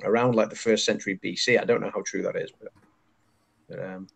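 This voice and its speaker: A man's voice: on the low side, fairly quick, creaky, husky. A man from England, a podcast co-host chatting casually and telling anecdotes with frequent laughter. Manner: chatty storyteller, laughs often, lively when telling anecdotes. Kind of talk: casual chat.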